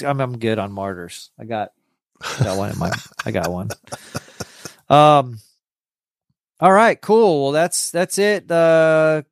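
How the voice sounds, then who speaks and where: Halting male podcast host, smooth dry voice. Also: mid-range voice, dry recording. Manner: halting, with many stammered restarts. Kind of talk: casual podcast chat.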